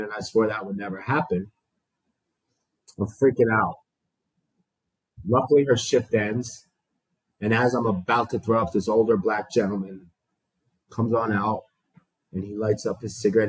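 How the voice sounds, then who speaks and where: A man's voice: fairly low pitch, slightly rough, no room sound, low-quality recording. A man telling his recovery story to a small group, raw and profane, acting out the dialogue he quotes.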